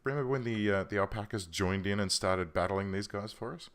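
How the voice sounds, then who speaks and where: A man with a fairly bright voice on the low side talks briskly through a let's play from a room at home. His game commentary is casual, full of thinking out loud and frequent mid-sentence self-corrections.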